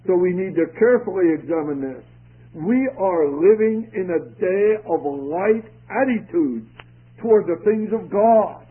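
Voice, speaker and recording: Male preacher, husky tone, earnest sermon delivery, lo-fi phone-band radio sound. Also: high voice, expressive, unhurried. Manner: earnest preaching with emphatic rises and drops. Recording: tinny phone-like radio broadcast.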